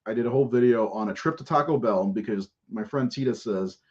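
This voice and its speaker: A man's voice: mid-range voice, brisk, darkish tone, husky. A man hosting a podcast in casual live-stream chat, rambling and profane and laughing often. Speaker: podcast host. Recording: dull lo-fi audio.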